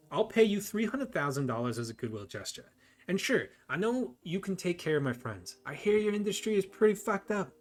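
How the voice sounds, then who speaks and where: A man's voice: high-pitched, voice pushed up. A man voicing a foul-mouthed adult Irish mobster in tough gangster talk, with a put-on mix of New York and Irish accent. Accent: mixed put-on gangster New York and Irish.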